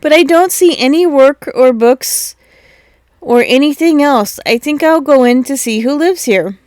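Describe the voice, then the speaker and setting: A woman's voice: high-pitched, measured pace, darkish tone, no room sound, studio quality, voice pushed up. A woman voicing a curious little girl who wonders aloud as she explores a strange house.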